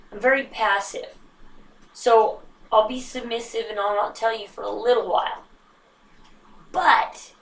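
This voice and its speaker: A woman chatting casually to camera, self-mocking and animated, with sudden hushed asides. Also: fairly high pitch, distant mic. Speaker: vlogger. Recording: roomy echo, slightly off-mic.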